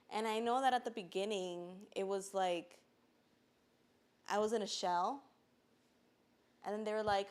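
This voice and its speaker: A woman's voice: medium pitch, steady tone, measured pace, long pauses. A woman speaking casually and earnestly about her own experience on a podcast, often saying "like" and at times holding back tears. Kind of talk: casual personal testimony.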